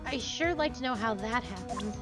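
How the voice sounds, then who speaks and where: An earnest young lawyer, polite and a little flustered, read by a woman. The voice is high, and music plays clearly in the background. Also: lively intonation, normal speed, lightly acted.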